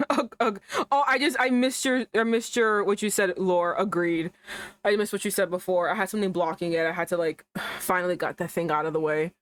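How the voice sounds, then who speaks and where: A woman's voice: fairly low pitch, fairly even intonation, brisk, dry recording. A young woman streaming a game, chatting casually, swearing freely and reading the story text aloud. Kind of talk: casual gameplay commentary.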